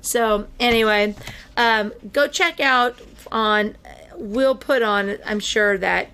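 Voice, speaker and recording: A woman hosting a casual podcast, chatty with many fillers and quick laughs. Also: on the high side, bright, forceful tone, smooth. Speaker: podcast host.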